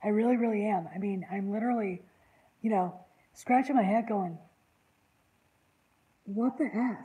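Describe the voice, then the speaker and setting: A woman's voice: medium pitch, brisk, dark tone, low-quality recording. A woman hosting an online channel, rambling in casual panel chat with an exasperated, indignant tone.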